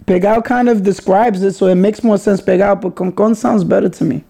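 A man's voice: high-pitched, fairly even intonation, brisk, creaky, dark tone. A young man from the Bronx hosts a casual solo podcast, chatty and playful, often correcting himself mid-sentence. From Bronx, New York. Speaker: podcast host.

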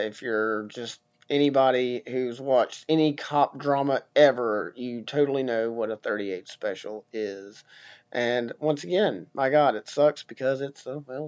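A man's voice: mid-range voice, darkish tone, smooth, highs cut off. A man hosting a casual solo podcast, talking bluntly and joking with frequent swearing. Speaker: podcast host.

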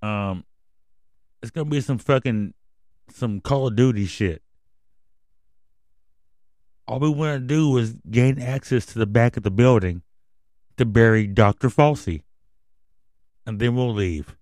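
On his own radio show, a male podcast host launches into a profane, rambling monologue laced with conspiracy talk, finally winding down to something emotional and subdued. He speaks at a measured pace in a mid-range, darkish voice, pausing often, and the studio sound is clean and dry.

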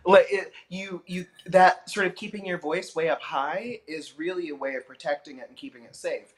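A man, a comedian, chatting as a podcast guest and telling stories in an animated, expressive way. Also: on the high side, moderate pace, few pauses. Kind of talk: casual chat.

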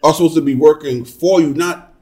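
A man's voice: a little high, fairly quick, mellow. A man in a casual discussion, making his points earnestly, step by step.

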